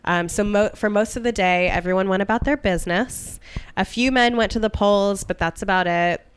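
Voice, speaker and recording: Woman, young adult, comedy podcast co-host, casual storytelling, jokey asides, smooth clear voice, dry close sound. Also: medium pitch, normal speed, no room sound. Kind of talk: casual comedic history chat.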